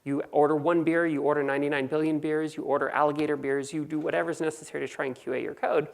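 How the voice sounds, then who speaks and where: Californian woman, low gravelly voice, fast joking conference presenter. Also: fairly even intonation, darkish tone. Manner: quick, joking, conversational. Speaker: conference speaker. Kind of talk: technical conference talk.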